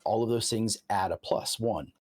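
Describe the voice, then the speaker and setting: A man's voice: on the low side, moderate pace, darkish tone. A man, the game master, explaining tabletop game rules in casual chat, walking through them step by step with examples and restarting his sentences.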